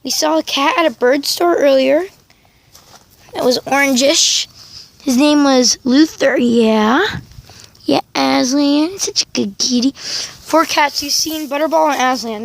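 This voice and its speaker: High-voiced chatty woman outdoors. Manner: chatty, rambling, with ums and quick asides; coos at her pets and chickens in a high sing-song voice. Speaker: vlogger. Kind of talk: casual vlog chat. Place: outdoors in a sunny yard.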